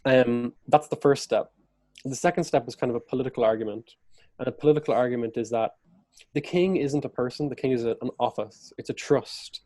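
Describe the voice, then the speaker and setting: A man's voice: medium pitch, steady tone, brisk, dark tone, no echo. A man, a podcast guest and historian, telling a historical story in conversation and acting out quotes along the way. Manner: vivid retelling that acts out historical quotes.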